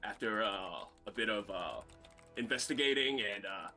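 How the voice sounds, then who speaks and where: A man recaps the last tabletop game session, stopping often with filler sounds. His voice is a little low and sharply bright, with faint music behind. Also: animated. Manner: halting, full of "uh" fillers. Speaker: player.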